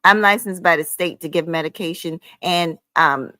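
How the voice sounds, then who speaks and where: Woman livestream host, heated rant, bright forceful voice, dry close sound, sassy and profane. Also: on the low side, lively intonation, moderate pace, hardly any pauses, no echo. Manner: emphatic, with frequent "honey" and "child".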